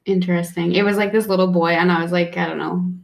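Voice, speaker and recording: A woman's voice: fairly low pitch, little pitch movement, fast talker, gravelly. Casual swearing young woman chatting. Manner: casual, swears freely, acts out quotes in storytelling. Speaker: podcast co-host. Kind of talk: casual chat.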